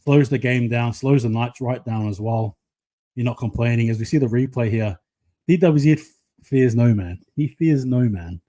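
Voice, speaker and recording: Reacting live on his channel, a man calls a rugby league match in a casual, excitable, chatty way for viewers. He has a mid-range voice and speaks at normal speed.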